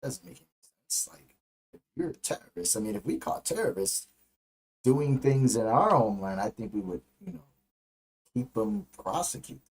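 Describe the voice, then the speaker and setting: A man's voice: mid-range voice, lively intonation, normal speed, pauses often, poor audio. A young man hosting a livestream and giving blunt, profane commentary on a press conference. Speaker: livestream politics host. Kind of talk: casual live commentary.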